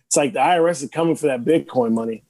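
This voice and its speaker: A man's voice: mid-range voice, quick pace, warm tone. A man co-hosting a podcast, chatting casually with rambling restarts. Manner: rambling, restarts, easy laughter. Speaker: podcast co-host. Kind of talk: casual chat.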